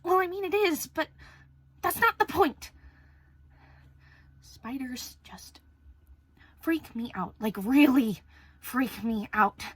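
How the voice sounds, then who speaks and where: A woman's voice: high voice, lively intonation, slow pace, long pauses, breathy edge, no room sound, full character voice. An actress playing a young woman alone in lockdown and terrified of a spider, venting and swearing in a frazzled stage monologue. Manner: frazzled, swearing, venting, drops to near whispers.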